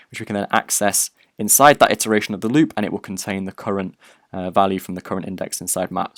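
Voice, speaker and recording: Male programming lecturer, low-pitched, conversational, dry close-mic recording. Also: dry recording. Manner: explanatory, conversational, many fillers and restarts.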